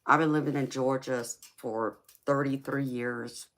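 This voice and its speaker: A woman's voice: a bass voice, steady tone, unhurried, fairly bright tone. A middle-aged woman from California with a Southern accent, chatting on a livestream and reading viewer comments, calling people honey and sweetheart and laughing often. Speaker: tarot reader and livestream host.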